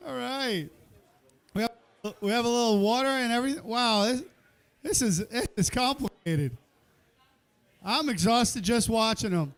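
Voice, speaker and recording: A man's voice: extremely high pitch, unhurried, pauses often, fairly bright tone. A man hosting a live cooking competition, calling the countdown and joking with the chefs and the crowd. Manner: joking, chatty, cheers the crowd on. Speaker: event host. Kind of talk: live play-by-play emceeing. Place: indoor cooking event kitchen.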